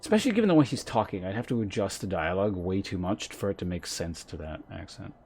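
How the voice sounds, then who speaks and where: A man streaming a game, commenting casually in a quick, self-mocking, chatty way. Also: deep voice, animated, darkish tone, slight background noise.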